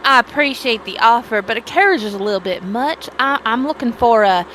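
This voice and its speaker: A woman voicing a polite, guarded adventurer with a Southern accent, courteous and halting as she turns down an offer. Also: a little high, animated, a bit bright, a little hiss or hum. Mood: politely firm. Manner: halting, courteous, over-explaining.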